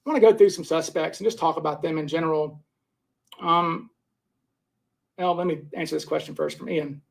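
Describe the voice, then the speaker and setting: Gravelly guy chatting on a livestream, kinda high voice, rambly, reads out comments. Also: steady tone, normal speed. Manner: rambling, repeats and restarts while scoring suspects. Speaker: livestream host. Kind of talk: casual live chat reading viewer comments.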